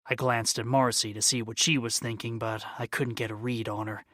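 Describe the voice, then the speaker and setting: A man reading a first-person crime audiobook, measured and subdued. His voice sits at a middling pitch, close-miked with a dry, dead sound. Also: level tone, sharp tone, no room sound. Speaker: audiobook narrator.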